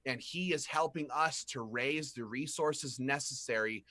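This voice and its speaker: A man leading a gun rights group, talking passionately on a panel and rising to shouts. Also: medium pitch, a little slow, no echo. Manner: fiery, rises to shouting. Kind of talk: impassioned panel talk.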